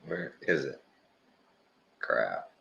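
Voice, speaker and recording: A man's voice: very deep voice, sing-song, drawn-out words, gravelly, a bit bright, reverberant, highs cut off. A Texan man casually rambling through a reaction video, searching aloud and retelling clips. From Texas. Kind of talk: casual commentary while watching clips.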